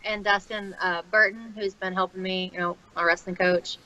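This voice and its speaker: A woman's voice: mid-range voice, fairly even intonation, moderate pace, pushed and bright, low-quality recording. A woman, an MMA fighter talking as a guest in a friendly, chatty way. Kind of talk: casual interview chat.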